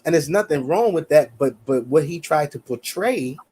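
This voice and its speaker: He co-hosts a podcast and argues hard in a heated, casual back-and-forth, repeating his points forcefully and leaning on "you see what I'm saying." The voice is fairly high and warm, slightly rough, with lively intonation and a moderate pace.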